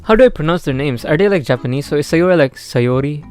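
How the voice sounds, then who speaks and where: A man's voice: a little high, lively intonation, rapid-fire, darkish tone, soft background music. A man with a Filipino accent, a native Cebuano speaker, reading a visual novel's lines aloud with wry, laid-back commentary. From Philippines. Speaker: gamer.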